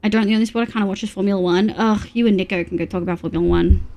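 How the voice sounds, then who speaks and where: A woman's voice: medium pitch, steady tone, racing, warm tone, slight background noise. A young woman chatting casually on a live stream, reading chat aloud between laughs. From Australia.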